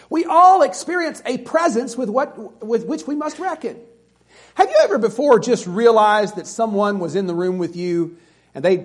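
A man preaching a sermon, reading scripture and pleading earnestly with his listeners. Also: high-pitched. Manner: earnest, pleading, reads scripture in King James wording.

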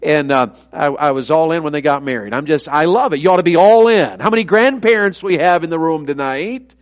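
A man's voice: fairly high pitch, brisk. A middle-aged man, an evangelist preaching a sermon full of folksy, self-deprecating family stories.

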